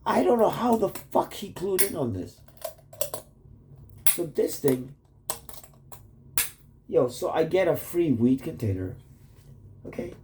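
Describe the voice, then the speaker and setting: A man talks straight to camera in a loose, wandering video message to his wife. His voice sits at an ordinary middle pitch with a dark, mellow tone. He swears freely and keeps breaking off into "like" and half-finished thoughts. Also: a little hiss or hum. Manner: rambling, profane, full of "like" and restarts. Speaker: vlogger addressing his wife. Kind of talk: rambling casual video message.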